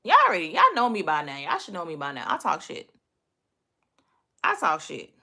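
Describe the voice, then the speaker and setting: Forceful and bright, this young Miami livestream host speaks at a moderate pace in a fairly low voice whose pitch swoops wildly. With her Southern US Miami accent, she rants casually to viewers, blunt, profane and trash-talking throughout.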